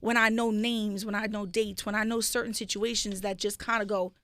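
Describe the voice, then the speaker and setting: A woman guest on a radio show, talking in a streetwise, slangy, animated way about her work as a psychic medium. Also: mid-range voice, brisk. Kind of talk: casual radio chat. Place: radio studio.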